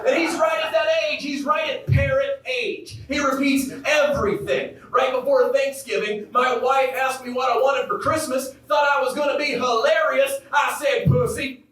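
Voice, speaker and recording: A man in his thirties doing a stand-up comedy set, with a punchy, shouted delivery to a crowd. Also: very high voice, fairly even intonation, moderate pace, hardly any pauses. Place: comedy club stage with a live audience. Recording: echoey club from far off, crowd noise.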